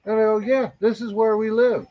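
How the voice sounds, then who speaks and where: A man's voice: high-pitched, level tone, normal speed. A man co-hosting a morning show, telling rambling, crude anecdotes with laughs in casual chat. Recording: dull lo-fi live stream audio.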